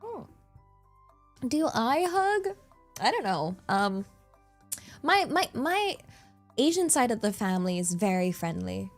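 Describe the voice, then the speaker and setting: A woman's voice: on the high side, sing-song, slow, long pauses, soft background music. A young woman streaming from her desk microphone, chatting casually in a rambling way and laughing often. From England. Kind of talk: casual chat.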